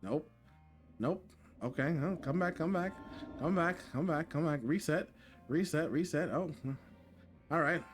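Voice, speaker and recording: A man streaming a game live, talking to his chat in a jokey, excitable way and repeating himself when flustered. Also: fairly high pitch, a little slow, long pauses, faint music behind. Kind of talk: live gameplay commentary.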